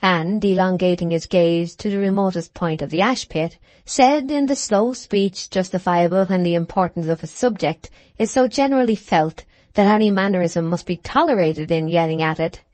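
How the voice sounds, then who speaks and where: A woman narrating a classic novel for an audiobook in a measured, even storytelling manner. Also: on the low side, no room sound.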